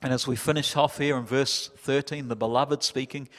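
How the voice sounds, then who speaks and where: A male pastor preaches with fervour, his voice sitting in an ordinary middle register. His delivery swells into loud, passionate peaks. A long church-hall reverb trails every phrase. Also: medium pitch, steady tone, normal speed, hardly any pauses. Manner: impassioned preaching, builds to loud climaxes. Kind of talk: sermon.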